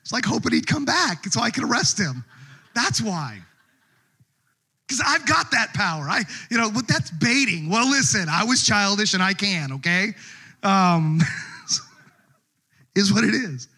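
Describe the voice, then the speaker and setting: Middle-aged guy pastor preaching, high voice, animated storyteller who laughs a lot. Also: a little slow, long pauses, breathy edge. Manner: animated storytelling, laughs often, rising to shouts in stories. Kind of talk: sermon.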